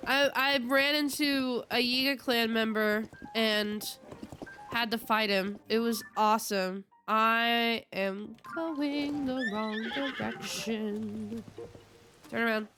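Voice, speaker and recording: A woman's voice: a little high, fairly even intonation, takes it slowly, bright, forceful tone, faint music behind. A young woman streaming a video game, chatting casually and telling a rambling, giggly story. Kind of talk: casual live-stream chat.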